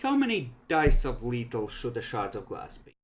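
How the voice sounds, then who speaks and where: A man acting as game master in a tabletop game, with an ordinary mid-pitched voice. He calmly explains the rules and narrates the results of each roll in an even, patient way. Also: moderate pace.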